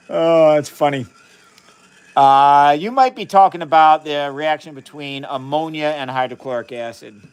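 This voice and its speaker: A man hosts a casual live science stream from a chemistry lab, narrating each step of his experiments. His voice sits a bit high for a man, and he keeps up a friendly running chat with viewers, greeting them by name. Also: slow, pauses often, clear, resonant tone.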